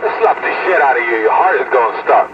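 A man's voice: mid-range voice, expressive, fast talker. A man trash-talking and hurling insults over a CB radio from a truck cab. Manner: profane, taunting, shouting insults. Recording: dull lo-fi radio with loud static.

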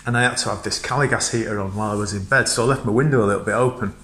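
A man's voice: fairly low pitch, rapid-fire, a bit bright, a little hiss or hum. Man in his fifties, rambling storyteller, laughs easily, roomy echo. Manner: chatty, laughs often, rambling anecdotes. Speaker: heavy metal vocalist. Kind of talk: casual reminiscing to camera. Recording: echoey room.

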